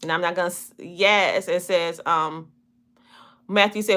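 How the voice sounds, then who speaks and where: A woman's voice: fairly low pitch, fairly even intonation, unhurried, a bit bright. A woman in her forties with a Southern US twang, a podcast host and coach talking casually to viewers, her words drawn out and looping, often laughing. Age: 40s. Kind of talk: casual livestream talk to viewers.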